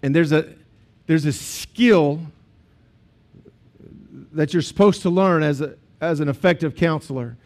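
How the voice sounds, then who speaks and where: A man's voice: on the high side, a little slow, long pauses, darkish tone. A man, a pastor preaching a sermon in a conversational storytelling way with asides to the congregation.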